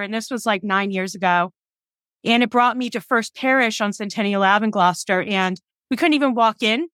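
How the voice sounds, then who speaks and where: Recorded dry in studio quality, this cemetery preservation business owner in her forties is an interview guest who shares stories casually. She laughs a lot and performs the dialogue she quotes, her voice on the high side and a bit bright.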